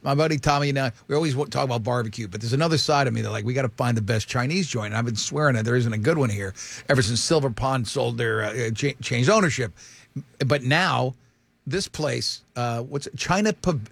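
A man's voice: mid-range voice, fairly quick, gravelly, no room sound. A male show host telling rambling stories in casual banter with his co-hosts. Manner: rambling, animated storytelling with restarts.

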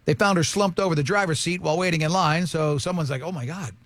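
A man's voice: on the high side, fast, a bit bright, a little hiss or hum. A man hosting a radio show, telling a story in joking casual banter. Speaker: radio host.

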